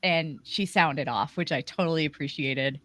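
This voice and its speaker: Host: woman, bright, lively voice, dry sound, rambling casual chat. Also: low voice, moderate pace, dry recording. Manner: chatty, rambling, with many fillers. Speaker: livestream host. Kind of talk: casual live aftershow chat.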